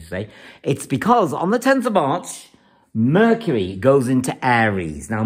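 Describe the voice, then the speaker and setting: A man's voice: mid-range voice, slightly rough. A man giving a weekly astrology forecast, emphatic and repetitive, often laughing as he talks.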